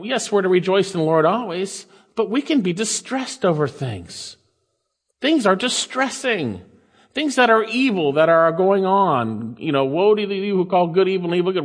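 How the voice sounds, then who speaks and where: A man preaching a sermon, emphatic and quoting scripture, changing his pace and volume often. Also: high-pitched. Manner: emphatic, varies pace and loudness, quotes scripture. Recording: long reverb of a hall.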